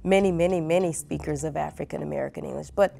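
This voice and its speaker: A woman from Southwest Louisiana, talking in a measured, thoughtful way in an interview. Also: low-pitched, creaky, dark tone. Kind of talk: reflective interview talk.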